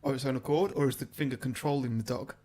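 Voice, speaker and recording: A man co-hosting a relaxed podcast chat, chiming in with short replies and dry questions. His voice sits at a middle pitch. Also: fast. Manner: brief backchannel replies, dry quips. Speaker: podcast co-host.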